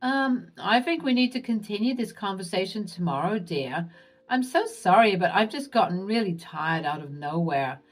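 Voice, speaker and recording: A woman voicing a sugary, two-faced older mother-in-law who talks in a sweet, fake-caring, drawn-out way. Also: medium pitch, lively intonation, lightly acted. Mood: evasive.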